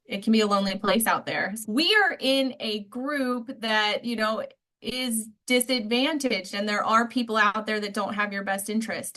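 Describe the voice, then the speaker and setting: A woman's voice: mid-range voice, pushed and bright. A woman from the United States hosting a podcast interview, chatty and conversational, often tossing in "like" and "right?". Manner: chatty, frequent "like" and "right?" asides. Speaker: podcast host. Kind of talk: casual interview chat.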